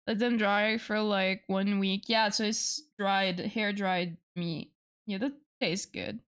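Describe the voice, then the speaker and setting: Young woman streamer, unhurried playful chat, swears a lot, mid-pitched. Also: steady tone, fairly bright tone, clean tone. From France. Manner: playful, swears often, chats to viewers. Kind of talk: casual livestream chat.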